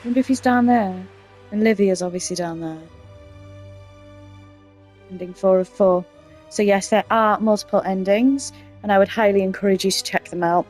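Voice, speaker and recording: A woman's voice: medium pitch, normal speed, pauses often, darkish tone. A woman hosting a let's play, chatting and thinking aloud with eager enthusiasm. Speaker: gaming channel host. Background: game music.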